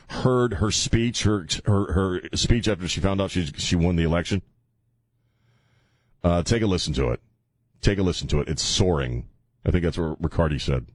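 A man's voice: low-pitched, no room sound. A man hosting a call-in radio talk show, loose and jokey, laughing often as he talks. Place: radio studio.

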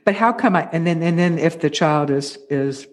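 Thoughtful man hosting an advice talk. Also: on the high side. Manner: measured, thoughtful, with fillers. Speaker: host. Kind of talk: casual interview talk.

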